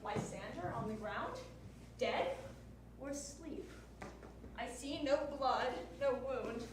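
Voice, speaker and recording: Brief: teen actress as a self-pitying jilted maiden, high voice, echoing hall from far off. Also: female voice, takes it slowly, a little hiss or hum. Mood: plaintive. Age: teens. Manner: plaintive, pleading verse delivery. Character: young noblewoman, spurned and self-pitying. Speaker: stage actor. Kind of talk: stage Shakespeare acting. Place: school theater stage. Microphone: distant room mic. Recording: echoey stage from far off.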